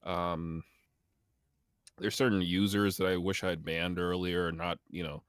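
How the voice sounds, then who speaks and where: Low-voiced, self-mocking male streamer guest. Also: little pitch movement, unhurried, no echo, studio quality. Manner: self-deprecating, wry, laughs at himself. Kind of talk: casual interview chat. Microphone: video call.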